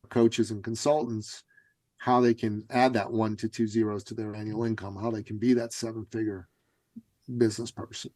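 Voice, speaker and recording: A man telling a story as a guest in a podcast interview, in an animated, dramatic way. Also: on the low side, no echo, low-quality recording. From Canada. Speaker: guest, business coach.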